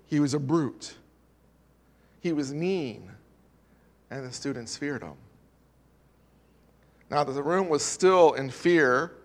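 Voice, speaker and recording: A male preacher telling a story in a sermon, earnest and dramatic. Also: on the high side. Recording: long hall reverb.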